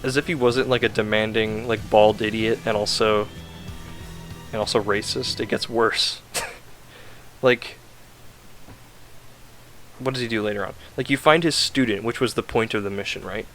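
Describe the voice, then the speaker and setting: A man's voice: fairly low pitch, fairly even intonation, normal speed, long pauses, a bit bright, soft background music. A man giving a casual, rambling game review, ranting in an exasperated, sarcastic way with lots of fillers.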